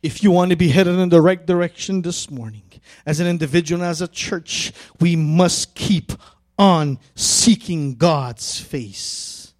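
A man's voice: a little high, a little mellow. A man preaching a sermon as pastor, earnest and emphatic, stretching out key phrases. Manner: earnest, drawn-out emphatic phrases building to fervent pleading.

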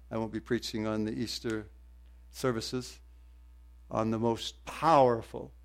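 An older man preaching a sermon, moving from quiet storytelling to loud, fervent exclamations. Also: medium pitch. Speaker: pastor.

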